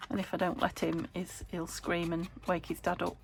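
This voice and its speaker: A woman's voice: lowish voice, little pitch movement, moderate pace, gravelly, slight background noise. A British woman hosting a crafting vlog from her home craft room, chatting as she works, thinking aloud and laughing often. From United Kingdom. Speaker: crafting channel host.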